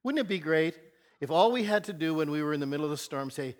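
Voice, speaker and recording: A man preaching a sermon as pastor, telling a Bible story earnestly and shifting between soft and loud emphasis. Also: on the high side, normal speed.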